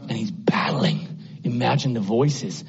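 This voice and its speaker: A man preaching an impassioned sermon, often climbing into high exclamations. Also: a little slow, vocal fry, dull audio.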